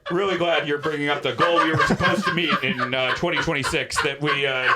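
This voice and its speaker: A man's voice: fairly high pitch, fairly even intonation, a little fast, over a noisy crowd. A man co-hosting a comedy podcast, joking and laughing through his lines. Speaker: podcast co-host. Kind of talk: casual comedy podcast banter. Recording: loud background noise.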